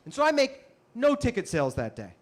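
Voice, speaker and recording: A male comedian tells a stand-up story in an animated, punchy manner, tossing in frequent asides. His voice sits very high for a man. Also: brisk.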